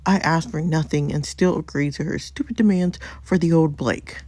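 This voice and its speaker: A woman's voice: low-pitched, normal speed, a little mellow, dry recording. Woman reading as Reese, scheming husband. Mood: determined. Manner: plain reading, little voice change. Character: scheming young married man, protective and blunt. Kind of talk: reading story game dialogue aloud.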